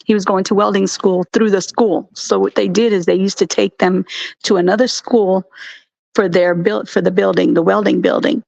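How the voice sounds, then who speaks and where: A woman co-hosting a casual live stream chat, telling stories in an animated way. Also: medium pitch, gravelly, no echo. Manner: animated storyteller, acts out quotes. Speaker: co-host. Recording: dull, dry lo-fi stream audio.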